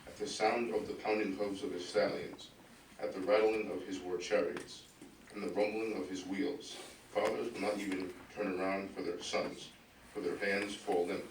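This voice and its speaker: A soft-spoken man with a deep voice, reading scripture aloud with measured emphasis in a meeting hall. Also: flat delivery. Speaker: Bible reader. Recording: echoey hall, distant mic, faint hiss.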